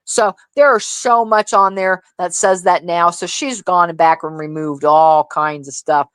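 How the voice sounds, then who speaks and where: A woman co-hosting a casual livestream chat, telling gossip in an animated, profane, laughing way. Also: lowish voice, a little slow, clear, resonant tone, no room sound. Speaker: livestream co-host.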